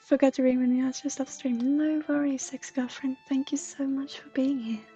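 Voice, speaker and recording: A woman from Sweden, a streamer and intuitive counselor chatting softly with viewers, often slipping into a breathy whisper. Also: sits high, little pitch movement, normal speed, muffled recording, faint music behind. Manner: soft, often drifting into a breathy whisper, laughs often. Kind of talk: live stream chat with viewers.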